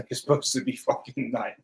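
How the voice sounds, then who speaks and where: A man's voice: steady tone, normal speed, vocal fry, slightly rough. A man on a casual panel chat. His voice sits in the middle range for a man. He teases the host in a laid-back way and laughs a lot. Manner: teasing, laughs often, low-key.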